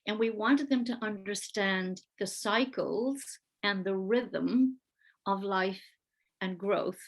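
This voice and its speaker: A woman, an early-years school leader, giving an earnest, conversational presentation with slides over a video call, with fillers and restarts. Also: mid-range voice. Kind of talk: online panel presentation with slides.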